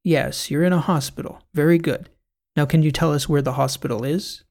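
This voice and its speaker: A man voicing a calm, patient hospital doctor who coaxes his patient, in an audiobook. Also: fairly high pitch, a little fast, lightly acted. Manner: patient, coaxing. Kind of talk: audiobook character voice.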